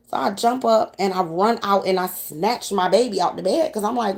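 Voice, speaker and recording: A woman from New York with a New York accent, telling a profane story to her audience in a casual, animated way. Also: medium pitch, normal speed, gravelly.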